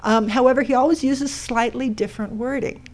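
A woman's voice: fairly high pitch, fairly even intonation, brisk. Woman presenter, explanatory, questions to the room, live talk. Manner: explanatory, asks the audience questions. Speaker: speaker giving a talk on a code sculpture. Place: lecture room with an audience.

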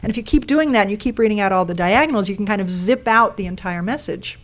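A woman's voice: mid-range voice, fast. A woman giving a talk to a live audience, explaining step by step and putting questions to the room. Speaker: speaker giving a talk on a code sculpture.

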